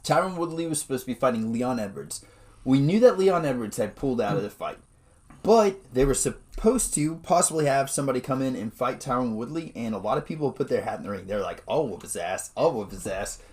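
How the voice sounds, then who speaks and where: A man co-hosting a casual podcast, his voice swinging widely up and down as he talks. He is animated and quick to laugh. He keeps throwing in dude and man. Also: mid-range voice. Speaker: podcast co-host. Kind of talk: casual chat.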